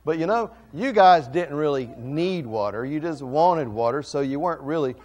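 A man's voice: on the high side, lively intonation, normal speed, darkish tone. A middle-aged man, a pastor, giving a playful children's sermon and questioning the kids.

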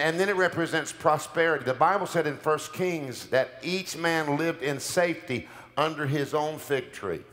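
A man preaching a sermon as pastor, calling out declarations for the congregation to repeat and rising to shouts, in a church sanctuary with music behind him. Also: a little high. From United States. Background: music playing under the preaching.

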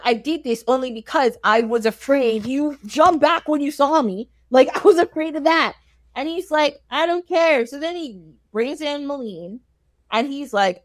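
A woman's voice: sits high, no echo. A woman casually retelling a fairy tale with slangy comic asides, laughing often. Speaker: storyteller guest.

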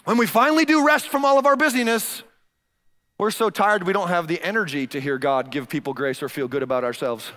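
Male pastor, sermon delivery: high, bright, sharp-edged voice, animated and emphatic. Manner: animated, emphatic, repeats key phrases. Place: church stage.

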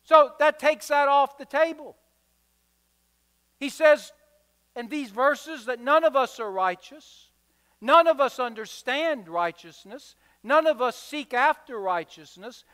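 A man's voice: extremely high pitch, slow pace, a bit bright. A man preaching a sermon, driving his points home with rhythmic, emphatic repetition. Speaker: pastor. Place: church sanctuary. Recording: reverberant church hall.

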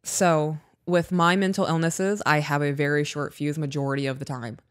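A woman's voice: low-pitched, little pitch movement, moderate pace, clean tone, no room sound, clean studio sound. Frank, loose-talking woman podcast co-host. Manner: frank, swears freely, tells stories. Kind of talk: casual chat.

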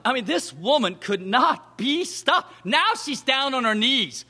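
A man preaching a sermon to his church, animated and acting out the voices in a Bible story. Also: very high voice, a little slow, few pauses. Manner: animated, acts out the quoted voices in the scripture story.

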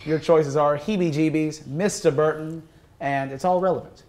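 A man's voice: fairly high pitch, steady tone, normal speed, a little mellow. A young man hosting a casual college game show, playful and jokey, often laughing.

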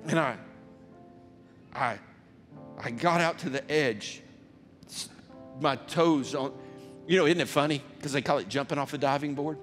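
A male pastor telling a story in a sermon. He acts out the voices in it, shouts and laughs. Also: medium pitch, a little slow, long pauses, long reverb tail, soft background music.

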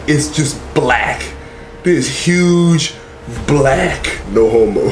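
A young man telling a funny story in a profane, animated, slangy way. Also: mid-range voice, noisy background. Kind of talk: comedic storytelling.

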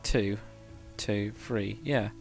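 A man's voice: fairly low pitch, extremely slow, creaky, soft background music. A man casually chatting on a game livestream, thinking aloud while building and answering chat. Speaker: game streamer.

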